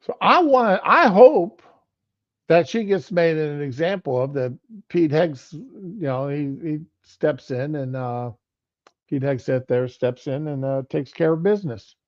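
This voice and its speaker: A middle-aged man offers casual political commentary on a livestream, rambling in a conversational way. His voice is a little high and unhurried, and the stream audio is lo-fi.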